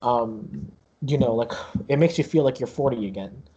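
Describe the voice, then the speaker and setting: A man's voice: medium pitch, moderate pace, highs cut off, a crowd in the background. A man narrating a tabletop game as game master in a rambling, casual way, stacked with fillers and restarts.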